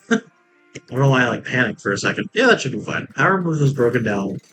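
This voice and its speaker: A man talking through a theme park building game in a loose, rambling way. He cracks jokes and laughs at them as he goes. His pitch sits in an ordinary middle range, with soft game music under his voice. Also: sing-song, fairly quick, rough recording. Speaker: let's play gamer. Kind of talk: casual gameplay commentary.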